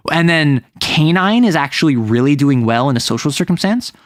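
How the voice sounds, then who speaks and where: A game master recaps a tabletop session in loose, rambling chat, full of fillers and restarts. His voice sits a touch higher than most men's. The sound is dry, with no room echo. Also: lively intonation, moderate pace. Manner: rambling, heavy use of "like" as filler, self-correcting. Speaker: game master recounting a campaign. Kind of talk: casual chat.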